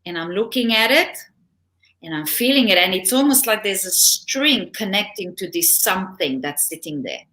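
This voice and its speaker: In a relaxed interview, a middle-aged woman who works as a relationship coach tells personal stories with lots of animation and easy laughter. Her voice is medium-pitched, bright and ringing, at normal speed.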